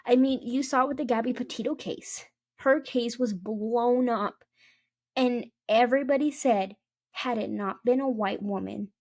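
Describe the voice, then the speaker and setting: A woman's voice: on the high side, darkish tone, no echo, studio quality. A young adult woman hosting a casual storytelling podcast, chatty and digressive, with many ums and restarts. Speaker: podcast host.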